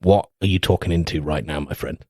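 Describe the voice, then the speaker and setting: A man's voice: low voice, fairly quick, no room sound, studio quality. A young man co-hosting a podcast, joking crudely and laughing often as he riffs on absurd ideas. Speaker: podcast co-host. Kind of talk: crude comedic banter.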